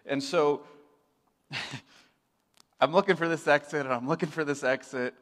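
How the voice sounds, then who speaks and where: A young man from Michigan preaching a sermon, telling a self-deprecating story in a lively storyteller's way. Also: a little high, normal speed. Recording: reverberant hall.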